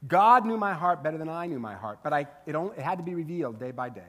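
A man's voice: on the high side, expressive, fast talker. A man preaching as a pastor in a casual, humorous style with conversational asides. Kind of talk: sermon.

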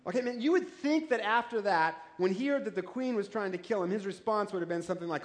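A man's voice: sits high, fast, hardly any pauses. A man in his forties, a pastor, preaching a sermon in a joking, conversational way with rhetorical questions. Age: 40s.

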